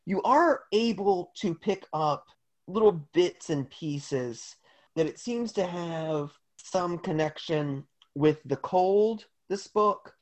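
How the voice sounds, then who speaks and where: A man's voice: sits high, animated, slow pace. A man narrating as game master of a tabletop game, loose and full of fillers.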